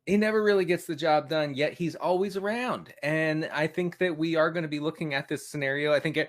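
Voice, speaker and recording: A man's voice: on the high side, brisk. Mock-dramatic male football co-host. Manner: mock-dramatic, laughing along. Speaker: fantasy football analyst co-host. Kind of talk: casual comedic chat.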